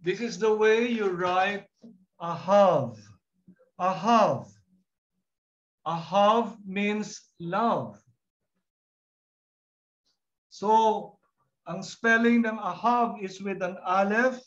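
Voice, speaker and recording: Male teacher, high-pitched, slow and repetitive delivery, dull lo-fi recording. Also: a bit bright. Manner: slow, drawn-out, repeats words to drill them. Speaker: Hebrew teacher. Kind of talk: classroom teaching, mixing English and Tagalog. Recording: dull lo-fi sound.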